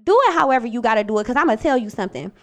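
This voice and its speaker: A woman's voice: fairly high pitch, lively intonation, racing, a bit bright. A young woman hosting her own podcast, talking casually and bluntly about her nursing work, full of swearing and pep talk. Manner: blunt, profane, motivational. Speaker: podcast host, nurse.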